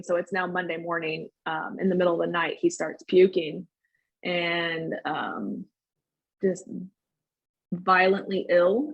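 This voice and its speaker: Young woman on a podcast telling her story, kinda husky and low, rambly, does everyone's lines. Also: rough recording. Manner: earnest, rambling, acts out quoted lines. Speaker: podcast guest. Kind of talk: personal story told in conversation.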